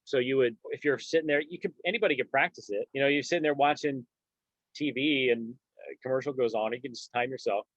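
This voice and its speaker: A man who is a guest on a talk show, explaining things in a calm, laid-back way. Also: mid-range voice, quick pace, no room sound, dull audio. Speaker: guest, former navy diver. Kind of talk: relaxed explanatory conversation.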